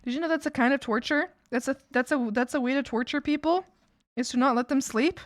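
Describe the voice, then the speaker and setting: A woman's voice: sits high, a little fast, no room sound, clean studio sound. A Canadian woman streamer chatting casually while she draws, laughing often and swearing casually, with some playful scolding.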